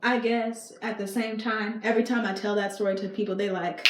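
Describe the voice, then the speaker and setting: A woman's voice: mid-range voice, normal speed. A woman vlogger telling a story in a chatty, slangy way, talking straight to her viewers with emphatic repeats. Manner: animated, emphatic repetition. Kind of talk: casual storytime. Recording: echoey room with faint hiss.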